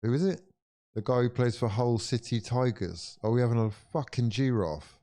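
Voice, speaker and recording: Excitable sweary English man reacting. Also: mid-range voice, moderate pace. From England. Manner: excitable, sweary, swings from groans to shouts. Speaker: football watch-along streamer. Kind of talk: live football reaction commentary.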